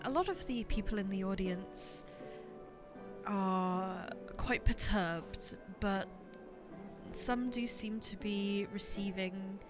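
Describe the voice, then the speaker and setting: A woman narrating a tabletop game as game master, in a slow, wry way. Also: medium pitch, highs cut off, over music.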